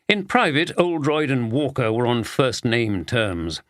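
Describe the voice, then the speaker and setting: A man with a medium-pitched voice narrates a mystery audiobook in a steady, even manner, a little slowly and with hardly any pauses. The recording is from a close studio mic in a dry room with no echo.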